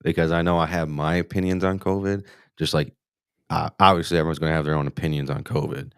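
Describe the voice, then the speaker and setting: Man, podcast host, low deep voice, smooth, dry close recording, rambling and swearing. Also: level tone, fast talker, no room sound. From United States. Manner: rambling, profane, frequent restarts. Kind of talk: casual live podcast chat.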